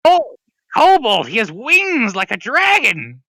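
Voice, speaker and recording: A man voicing a small hostile kobold that shouts and screeches in a high voice. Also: huge pitch swings, slow, gravelly, no room sound, exaggerated voice. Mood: shrill. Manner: shrill, shouting, defiant. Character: screaming panicky kobold pair, small and hostile.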